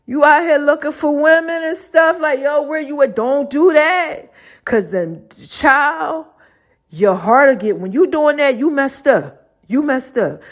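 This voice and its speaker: A woman's voice: high voice, a little slow. Laughing, chatty woman podcast host. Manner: laughs often, animated slangy asides. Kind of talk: casual storytelling monologue.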